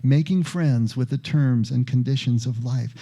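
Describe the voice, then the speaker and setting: Male pastor giving a sermon: low gravelly timbre, slow measured phrasing, repeats key words for weight. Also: mellow.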